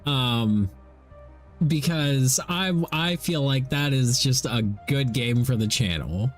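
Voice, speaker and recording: Loud, excitable man streaming games. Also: medium pitch, slow pace, faint music behind. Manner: loud, excitable, profane ranting. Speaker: gaming streamer. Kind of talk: casual stream chat.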